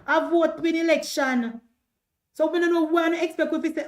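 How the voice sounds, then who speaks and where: A woman's voice: very high voice, fairly even intonation, normal speed. A woman speaking in Jamaican Patois, hosting a casual political livestream, defiant and repetitive as she addresses her viewers.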